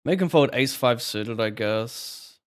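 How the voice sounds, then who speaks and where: A man's voice: mid-range voice, lively intonation, slow. A young man streaming poker, chatting casually, swearing and joking at his own expense. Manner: swearing, joking, self-mocking. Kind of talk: casual live-stream commentary.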